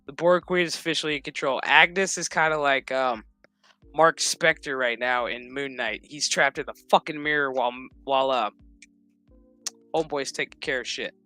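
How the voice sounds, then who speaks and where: A man giving a crude, comedic recap of a TV episode, swearing often and slipping into quick mocking impressions of the characters. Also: medium pitch, bright, forceful tone, no room sound, soft background music. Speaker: show recap commentator.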